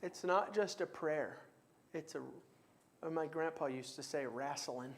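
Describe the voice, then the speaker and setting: A man's voice: a little high, unhurried. A man leading a church Bible class in a conversational way, taking comments and reading scripture aloud with emphasis. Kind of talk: church class teaching with discussion.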